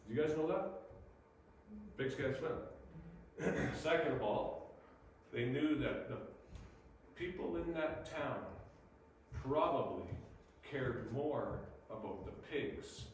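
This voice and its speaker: A male pastor delivers a sermon with lively, animated preaching and acts out the people in his stories. His voice sits at an ordinary pitch. The sound is very echoey and picked up from a distance, with a faint room hum behind him. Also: slow pace.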